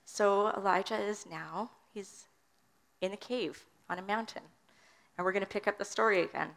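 A woman's voice: medium pitch, normal speed, creaky, a bit bright. A woman preaching a sermon in an earnest teaching manner, reading scripture aloud.

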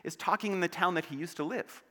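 A man's voice: high voice, fast, pushed and bright. A male pastor preaching a sermon in a church, playful and joking as he tells stories. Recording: long church hall reverb.

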